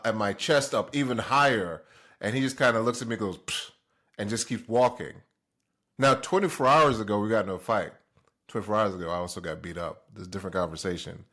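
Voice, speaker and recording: A man's voice: on the low side, a bit bright. A man from Jamaica hosting a motivational talk, speaking emphatically and throwing rhetorical questions at the listener. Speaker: host.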